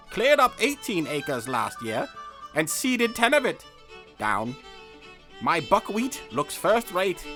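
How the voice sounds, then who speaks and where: A man putting on an old-timey Maine farmer. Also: full character voice. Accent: Maine, old-timey put-on. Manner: slow, drawling, high and lively reading.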